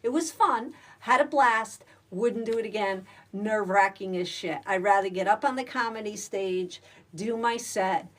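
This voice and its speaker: A woman's voice: medium pitch, normal speed, fairly bright tone, recorded from a distance. A middle-aged woman who does stand-up comedy, chatting loosely on a livestream with plenty of fillers and the odd swear word. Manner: chatty, salty, rambling with many fillers. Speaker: livestream host and stand-up comic. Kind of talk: casual livestream chat.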